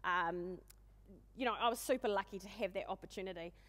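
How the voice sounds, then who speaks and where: A woman in her forties with a New Zealand accent delivers a humorous, self-deprecating keynote as a conference speaker. She talks fast in a loud, booming voice, and the recording has a long hall reverb.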